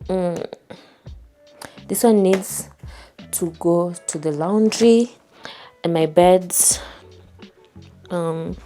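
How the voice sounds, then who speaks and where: Packing up her home for a move, a young woman with a Kenyan accent narrates a storytime vlog in a chatty, repetitive manner. Her voice is warm and fairly low in pitch.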